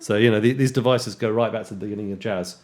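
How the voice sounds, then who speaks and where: Man teaching jazz guitar over loud guitar. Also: fairly low pitch, fast talker. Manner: relaxed, counts beats aloud and scats rhythms. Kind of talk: casual instructional talk with counting and scatting. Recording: guitar playing underneath speech. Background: loud guitar music.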